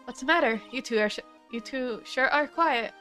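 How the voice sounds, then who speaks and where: A woman's voice: sits high, normal speed, bright, forceful tone, faint music behind. A woman voicing a cheerful teenage girl spirit medium, playful and teasing.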